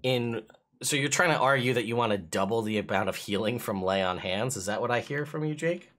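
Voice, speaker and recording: A man acting as game master for a streamed tabletop game, explaining rules in an excitable, chuckling way. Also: medium pitch, fairly quick.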